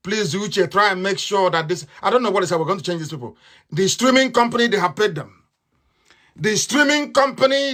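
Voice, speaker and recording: A man's voice: high voice, fairly bright tone. Man, nigerian accent, live radio address, combative, mocking, repetitive. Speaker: radio broadcaster.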